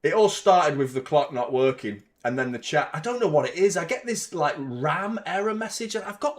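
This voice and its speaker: A man's voice: a little high, lively intonation, normal speed, hardly any pauses. Male fan-channel host, live watchalong chat, exasperated rambling with casual swearing.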